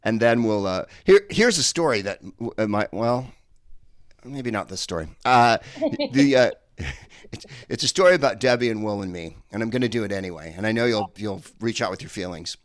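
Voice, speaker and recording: A man's voice: on the low side, expressive, fairly quick, dry recording, studio quality. A stand-up comedian from San Francisco performing a set from home over a video call with an earpiece headset. He rambles and digresses with many fillers and restarts.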